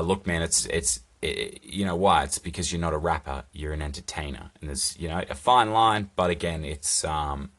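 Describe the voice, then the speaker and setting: Young male podcaster, very low voice, profane rambling solo chat. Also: a bit bright. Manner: rambling, profane, jokey asides. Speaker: podcast host. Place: recording alone on a phone. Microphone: phone.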